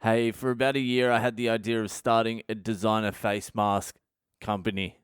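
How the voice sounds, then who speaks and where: This middle-aged Australian comedian, hosting his own podcast, speaks in a fairly low, level voice at a moderate pace while ranting through profane, self-mocking stories in a comic monologue. The tone is clean, with no echo and clean studio sound.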